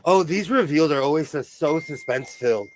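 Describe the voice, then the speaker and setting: A man's voice: a little high, brisk, slight background noise. A man hosting a casual sewing livestream, playful and exclamatory, laughing often as he tries on and shows off clothes.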